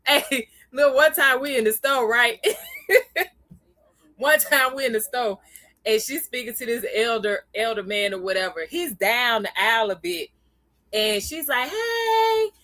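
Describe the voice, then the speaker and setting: Chatty bright-voiced woman livestream host. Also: on the high side, unhurried, no echo. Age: adult, parent of a young child. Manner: chatty, laughs often, greets viewers by name. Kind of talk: casual livestream chat.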